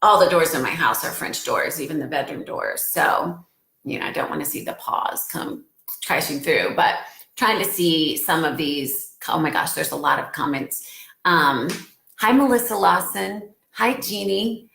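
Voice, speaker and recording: Earnest, emotional woman with a gravelly voice. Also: low voice, unhurried, fairly bright tone, reverberant. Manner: emotional, earnest, gets choked up. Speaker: live streamer. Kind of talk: casual live-stream talk to followers. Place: at home.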